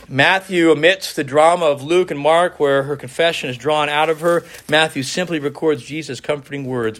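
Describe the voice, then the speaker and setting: A man's voice: mid-range voice, fairly bright tone. A man preaching a sermon in an earnest way, often restarting phrases and quoting scripture. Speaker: pastor.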